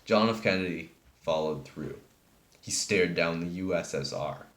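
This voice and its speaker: A man giving a read-aloud speech in a measured, formal manner. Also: low-pitched, a bit bright, roomy sound. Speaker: speech giver.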